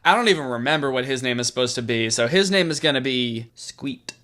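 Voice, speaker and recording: A man's voice: mid-range voice, animated, a little fast, bright, forceful tone. A man, a YouTuber, giving rambling, sarcastic comedic commentary on a game and laughing often.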